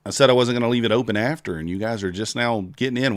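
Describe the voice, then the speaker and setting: A man's voice: mid-range voice, fast talker, few pauses, no room sound, clean studio sound. A man hosting a casual trading livestream, chatting with viewers and counting down a giveaway.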